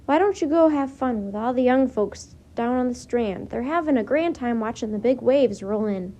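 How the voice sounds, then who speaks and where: A woman's voice: fairly high pitch, lively intonation, moderate pace, dark tone. A woman voicing a jolly, kindly policeman who reassures with a dismissive tone.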